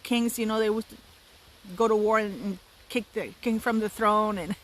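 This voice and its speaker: A woman's voice: mid-range voice, fairly even intonation, moderate pace, a little hiss or hum, rough recording. A woman in her fifties hosting a solo commentary channel, talking in an emphatic, indignant way and repeating words for stress. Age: 50s.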